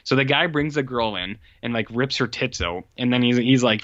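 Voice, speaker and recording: A podcast co-host recaps a film in a loose, rambling way, his talk packed with "like" and "uh." His voice is medium-pitched and a little bright, with a moderate pace. The recording is dry, with the high end cut off.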